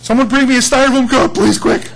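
A man's voice: extremely high pitch, steady tone, fast, vocal fry, fairly bright tone, voice pushed up, full character voice. A man parodying a flustered male churchgoer who frantically fusses over a last-minute baptism. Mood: frantic. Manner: frantic, mocking.

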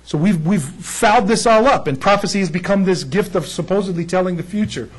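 A middle-aged man teaching the Bible in a sermon, excitable and eager, often pausing to check that listeners follow along. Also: high-pitched, husky, poor audio.

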